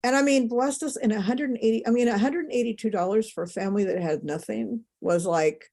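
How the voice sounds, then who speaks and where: A woman's voice: on the high side, fairly quick, dark tone. A middle-aged woman, a podcast guest, telling a personal story in an emotional, rambling way with many asides.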